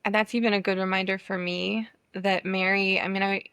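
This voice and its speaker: A woman's voice: mid-range voice, level tone, fairly quick, fairly bright tone, clean tone, no echo. A woman hosting a podcast interview, answering her guest in a casual, affirming way. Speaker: podcast host.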